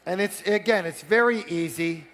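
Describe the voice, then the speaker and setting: Energetic guy running a seminar, keeps asking the crowd stuff, long hall echo. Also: high-pitched, moderate pace. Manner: energetic, commanding, prompts the audience. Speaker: negotiation seminar speaker. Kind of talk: live seminar talk to an audience.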